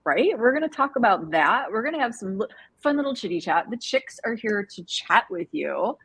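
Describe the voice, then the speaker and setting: A woman's voice: fairly high pitch, sing-song, normal speed, a bit bright, slightly rough, dry recording. A woman co-hosting a casual livestream chat, bubbly and chatty, greeting viewers by name. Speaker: livestream co-host.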